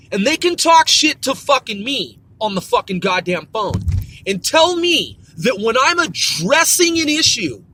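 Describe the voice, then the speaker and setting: A man's voice: very high voice, pushed and bright. A man hosting a podcast, delivering a profane, emphatic, stern rant. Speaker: podcast host. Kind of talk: ranting podcast monologue.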